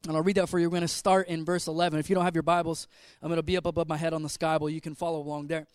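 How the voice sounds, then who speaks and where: A man in his twenties, a pastor giving an energetic, joking, conversational sermon in a church. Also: on the high side, rapid-fire, clear, resonant tone, no room sound, studio quality. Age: 20s.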